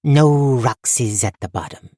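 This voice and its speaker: A man voicing a shrewd female goblin in an audiobook, speaking in slow, clipped, broken phrases. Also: medium pitch, expressive, mellow, breathy edge, no echo, clean studio sound, pitched above the performer's own voice. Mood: cryptic.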